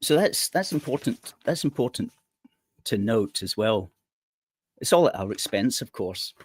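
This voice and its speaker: A man's voice: on the low side, animated, a little slow, husky. A man hosting a political commentary show, reading out news items with sarcastic, indignant asides.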